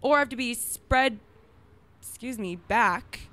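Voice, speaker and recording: A woman's voice: on the high side, a little slow, sharp tone. A young adult woman chatting candidly as a podcast guest, giggling as she tells stories. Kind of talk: casual chat.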